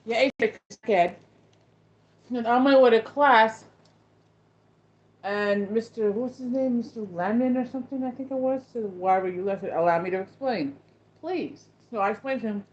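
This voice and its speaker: A woman's voice: fairly high pitch, moderate pace. A woman hosting a casual chat with viewers, telling a story in a rambling way with many restarts. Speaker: host. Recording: dull lo-fi sound.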